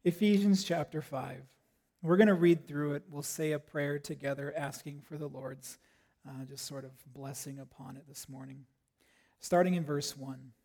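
A man's voice: fairly high pitch, fairly even intonation, moderate pace, vocal fry, darkish tone. A man in his thirties, a pastor giving a sermon in a church service in a casual, joking way. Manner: conversational, joking, self-deprecating.

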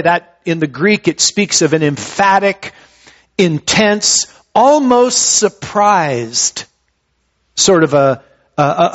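Higher-voiced male preacher, dull recording. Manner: conversational expository preaching with hesitant restarts. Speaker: pastor. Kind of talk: sermon. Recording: dull lo-fi sound.

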